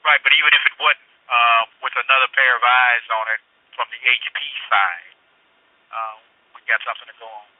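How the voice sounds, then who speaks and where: A man's voice: medium pitch, fairly even intonation, brisk, no echo. A man working as a customer service representative on a phone call, hesitant, stammering and repeating himself. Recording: tinny phone line.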